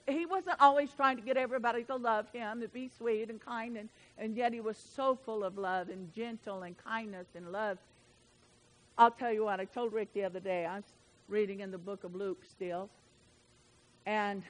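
A woman preaching a sermon in a folksy, emphatic way, swinging from loud declarations to soft asides. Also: medium pitch, rough recording.

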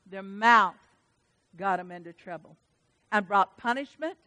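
A woman preaching a sermon to her church, reading scripture and surging from soft asides to loud, fervent exclamations. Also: medium pitch, unhurried. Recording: long hall reverb.

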